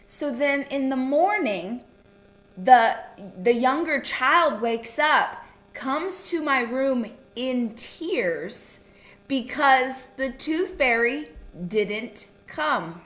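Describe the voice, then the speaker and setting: A woman co-hosting a casual chat, telling a family story in an animated way with quick asides. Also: high voice, reverberant. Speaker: podcast co-host.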